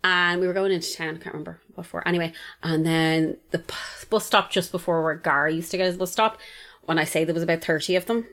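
A woman's voice: fairly low pitch, steady tone, fast talker, fairly bright tone. A woman in her late thirties with a Dublin Irish accent, telling stories bluntly and swearing freely in casual chat. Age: 30s.

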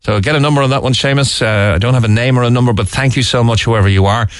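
A studio talk radio host from Cork speaks quickly in a smooth, medium-pitched voice with no echo. Earnest as he reads out listener texts, he fills gaps with frequent "uh"s and restarts.

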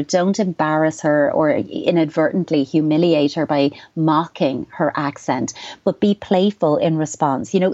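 A middle-aged Irish woman with a low voice gives calm, explanatory parenting advice. The sound is dull and dry, like a radio studio. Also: no room sound. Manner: measured, reassuring, explanatory. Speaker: child psychotherapist guest.

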